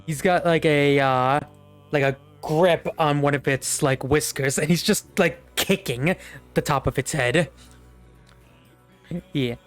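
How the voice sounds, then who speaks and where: A man's voice: on the high side, slow pace, pauses often, faint music behind. A young man narrating a tabletop game as game master, rambling with many fillers.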